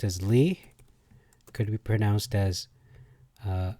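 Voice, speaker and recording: Male explainer, unhurried and hesitant, warm low-key tone, dry close sound, trying out pronunciations aloud. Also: dry recording. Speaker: video creator explaining biblical pronunciation. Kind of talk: casual spoken explainer.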